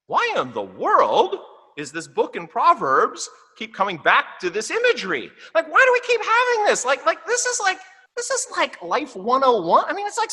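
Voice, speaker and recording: A man preaching a sermon in a church. He talks in a conversational way, often asks "right?", and slows down to read scripture. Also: very high voice, sharp tone, breathy edge. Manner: reads scripture slowly and deliberately. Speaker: pastor. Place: church sanctuary. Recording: long hall reverb in a church.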